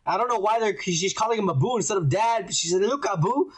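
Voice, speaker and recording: A man's voice: sits high, fast talker, husky, low-quality recording. A man co-hosting a podcast, talking in a crude, rambling way and swearing constantly. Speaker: podcast co-host. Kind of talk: casual profane chat.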